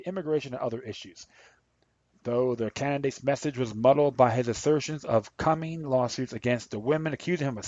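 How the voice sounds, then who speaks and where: A man's voice: medium pitch, a little mellow, dry recording. A man hosting a podcast, giving rambling, impassioned political commentary and reading articles aloud. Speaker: podcast host. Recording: dull lo-fi dry recording.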